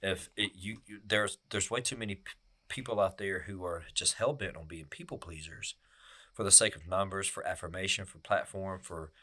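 A man's voice: low-pitched, steady tone, normal speed, bright, forceful tone. A man co-hosting a faith podcast, talking in an earnest, preacherly way and often repeating words as he works out his point. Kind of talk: casual podcast chat.

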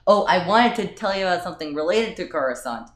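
A man's voice: sits high, lively intonation, fast, fairly bright tone. Hesitant man chatting in a roomy space. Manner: hesitant, many ums and restarts. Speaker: podcast co-host. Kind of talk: casual chat. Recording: roomy echo.

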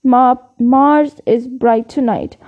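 A woman's voice: high voice, steady tone, slow pace, dry recording, narrow, tinny audio. A woman voicing a solemn, cryptic male centaur who speaks in grave riddles.

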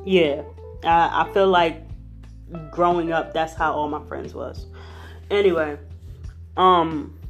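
A young woman telling a personal story in a lively, conversational, slangy way. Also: lowish voice. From Philadelphia.

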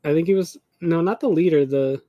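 A podcast co-host in casual chat, tossing in jokes and quick asides. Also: mid-range voice, warm tone, no echo, muffled recording.

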